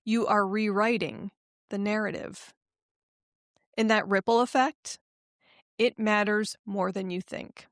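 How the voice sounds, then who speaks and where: A woman hosting a motivational podcast, speaking in an emphatic, affirming way that turns halting and emotional when she gets personal. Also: medium pitch, fairly even intonation, no room sound, clean studio sound. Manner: slow, emphatic, affirming delivery. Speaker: podcast host and life coach.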